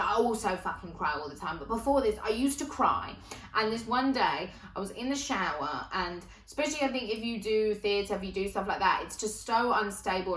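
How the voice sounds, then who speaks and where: A woman's voice: medium pitch, fairly bright tone, far from the mic. A woman doing a candid, chatty comedy monologue from home, swearing freely. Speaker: comedian and theatre performer. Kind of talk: confessional stand-up monologue. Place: at home on a sofa. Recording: echoey room, a bit away from the mic.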